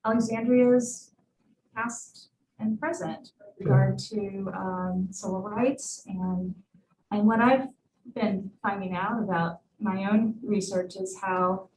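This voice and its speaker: A woman's voice: mid-range voice, fairly even intonation, slow pace, darkish tone, slight background noise. A woman making announcements at a church forum, casual and slightly hesitant. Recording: distant voice in an echoey room.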